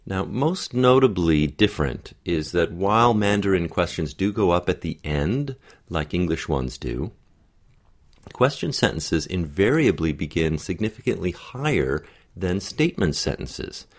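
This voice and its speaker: Deep-voiced male dialect coach. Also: big pitch swings, unhurried. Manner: explanatory, demonstrates sounds aloud. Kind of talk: accent coaching lesson.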